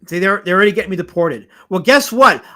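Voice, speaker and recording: Bright, high-voiced Southern man streaming. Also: fast talker. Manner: animated, jokey, repeats himself, reads chat aloud. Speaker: comics streamer host. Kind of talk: casual live-stream chat.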